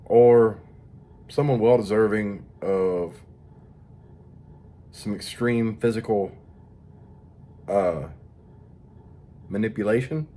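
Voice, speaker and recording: A man's voice: lowish voice, slow, pauses often, dark tone. A tired man rambling through a crude, profane casual monologue as a vlogger. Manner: profane, rambling, mock-tough.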